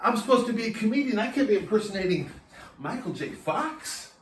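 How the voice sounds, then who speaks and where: A man playing a frantic comedian patient who keeps slipping into loud, jumpy put-on voices. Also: animated, a little fast, reverberant, distant mic, a little hiss or hum. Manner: frantic, loud, jumping pitch and pace between put-on voices. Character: manic male comedian lurching between impressions.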